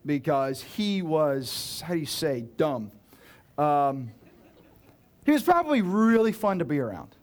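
A man's voice: fairly high pitch, very animated, measured pace. A male pastor preaching a sermon in a casual, joking way, with playful asides and acted-out dialogue.

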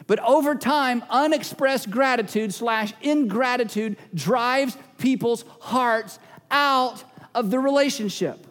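A man's voice: very high voice, slow pace, a bit bright, big-room sound. A male pastor preaching a sermon, emphatic and repeating key phrases, now and then acting out little everyday scenes.

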